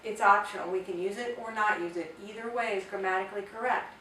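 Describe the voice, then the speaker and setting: This woman talks at a quick pace in a medium-pitched, somewhat bright voice while explaining Spanish grammar in English. She patiently spells out examples, and the audio is roomy, with a distant mic and a faint hiss.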